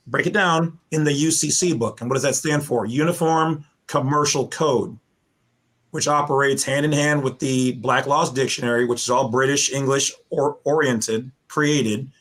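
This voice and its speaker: A man with a slightly high, husky voice talks on a casual podcast. He lectures in long, rambling stretches, often restarting a sentence before pressing on with his point. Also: a bit bright. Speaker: podcast guest explaining legal theories.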